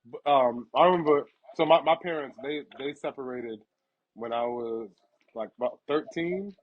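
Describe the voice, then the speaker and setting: A young man hosting a casual chat, telling personal stories with laughter and acting out the people in them. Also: moderate pace. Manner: animated, laughs through stories, acts out quotes in a higher voice. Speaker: podcast host. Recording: dull lo-fi sound.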